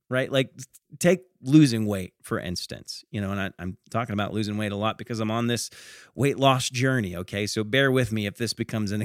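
A man's voice: mid-range voice, dry recording. Chatty man hosting a podcast, dry sound. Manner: chatty, tags lines with "okay?" and "right?", stammers on restarts. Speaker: podcast host. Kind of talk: casual motivational podcast talk.

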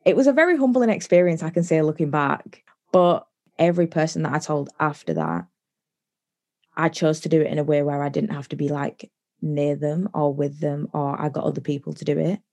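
A woman's voice: sits low, a little mellow. A young woman casually telling a personal story on a podcast, chatty with lots of "like" fillers. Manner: chatty, many likes, quick bursts of laughter-ready storytelling. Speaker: podcast guest.

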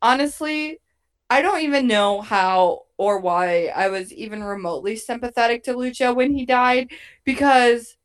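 A woman in casual podcast chat recapping a TV show, animated and swearing freely, acting out quotes from the characters. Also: fairly high pitch, normal speed, clean tone. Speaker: podcast co-host.

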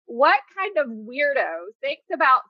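Podcast host, woman, animated and teasing, lively pitch, dry and slightly dull sound. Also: unhurried, no room sound. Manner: laughs often, animated and teasing. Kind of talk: casual interview chat.

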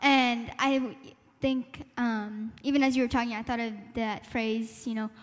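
A young woman with a high, bright-pitched voice speaks earnestly at a church youth meeting. She is reflective and thinks aloud, with little laughs and fillers. The sound carries a long hall reverb. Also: fairly even intonation, normal speed. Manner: reflective, laughs lightly, talks through her thoughts with fillers. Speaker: panel speaker sharing a testimony.

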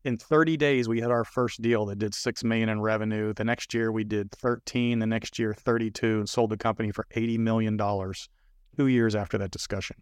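A middle-aged man, a business consultant guest, telling a story in a lively conversational way. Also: fairly low pitch, a little fast, clean tone, dry recording, studio quality. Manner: animated storyteller, voices others in quotes.

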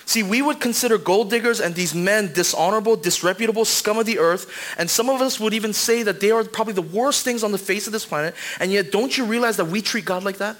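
Male pastor in his 30s, high-pitched, animated conversational sermon in a church sanctuary. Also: fast talker, hardly any pauses. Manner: animated, conversational preaching with asides to the congregation.

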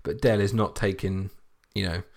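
A man co-hosting a podcast, chatting in a relaxed, appreciative way about a sitcom. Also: deep voice, moderate pace, gravelly. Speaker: podcast co-host reviewing a sitcom. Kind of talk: casual chat.

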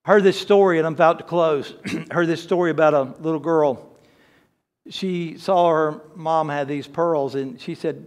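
A man's voice: on the high side, steady tone, a little slow. A man preaching a sermon, earnest and emphatic, telling a story to make his point. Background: faint guitar music.

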